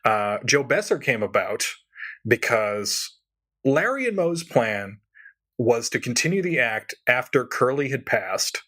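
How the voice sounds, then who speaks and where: A man co-hosting a podcast, chatting casually and animatedly, laughing often with quick asides. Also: medium pitch, very animated, bright, forceful tone. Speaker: podcast co-host. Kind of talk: casual chat.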